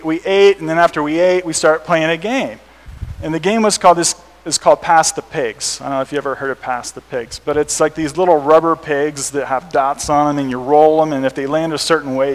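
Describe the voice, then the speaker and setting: An American man, a missionary, telling stories to an audience in a large hall, animated and laughing at his own jokes. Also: a little high, fairly quick. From United States. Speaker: missionary speaker. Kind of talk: storytelling talk to an audience. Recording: reverberant hall.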